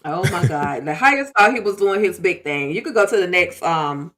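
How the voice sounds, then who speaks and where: A woman's voice: on the low side, expressive, moderate pace, crowd noise. A woman co-hosting a casual chat, animatedly recapping a TV episode and laughing mid-sentence. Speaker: co-host. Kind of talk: casual chat about a TV show.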